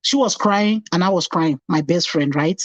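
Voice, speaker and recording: A woman's voice: fairly low pitch, normal speed, no echo, rough recording. A middle-aged woman, a nurse, telling her personal story as an interview guest. She speaks animatedly, acts out past conversations and repeats phrases for emphasis.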